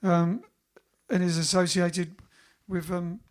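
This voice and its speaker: With a high voice that barely moves in pitch, this Englishman speaks slowly while running a live stream. He's chatty and jokey, reading out comments from viewers.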